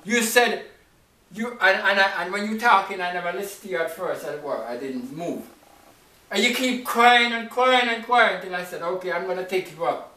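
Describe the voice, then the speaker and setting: A male preacher with a high, bright voice delivers an emphatic sermon. He punctuates his points with rhetorical questions and sudden jumps in pitch. The recording is roomy and echoey, with the mic set some distance away. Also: normal speed.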